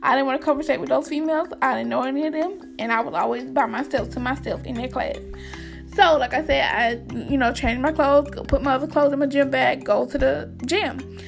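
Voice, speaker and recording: A young woman with a high voice, telling a storytime in a chatty, slangy way. She speaks straight to her viewers and calls them y'all. Faint music plays underneath. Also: steady tone, a little fast, creaky. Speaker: vlogger. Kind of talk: casual storytime.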